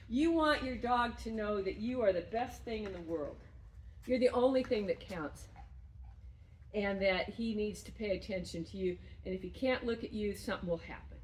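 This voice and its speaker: A woman dog trainer coaching a student through footwork and play, breaking into high, excited praise when she plays with the dog. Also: normal speed, slight background noise, poor audio. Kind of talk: remote training lesson.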